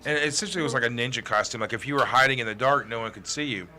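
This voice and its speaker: Bright, animated middle-aged male host. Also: mid-range voice, racing. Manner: animated storyteller who laughs through his own tales. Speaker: talk show host. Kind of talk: casual chat. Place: stage of a late-night comedy show.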